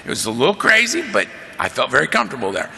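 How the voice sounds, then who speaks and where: A man telling his story from a podium in a big convention hall, his voice bright and edged with a gravelly fry. His delivery is animated and conversational, and a long reverb trails behind his words. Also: medium pitch, fast talker, a little hiss or hum. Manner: animated, conversational, drawling asides of "man" and "right?". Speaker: AA convention speaker. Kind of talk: storytelling recovery talk.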